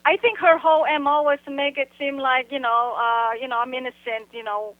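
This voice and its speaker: A woman guest on a phone line, telling her story bluntly and haltingly, with plenty of "you know" and "like". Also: high-pitched, steady tone, no room sound. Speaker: guest recounting an encounter. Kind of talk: casual phone interview.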